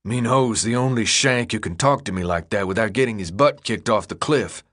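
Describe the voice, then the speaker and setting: A man voicing a gruff, tense teenage boy leader who talks bluntly and demands answers. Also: on the low side, normal speed, fairly bright tone.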